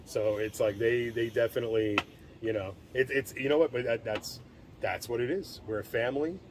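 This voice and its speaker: A man's voice: mid-range voice, normal speed. Rambling man, faint background hiss. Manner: rambling, profane, trails off mid-sentence. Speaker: band member, guest. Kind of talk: casual chat.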